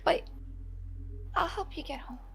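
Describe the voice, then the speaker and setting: A woman playing a soft, sweet fairy. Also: high-pitched, big pitch swings, measured pace, faint music behind, pitched above the performer's own voice. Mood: earnest.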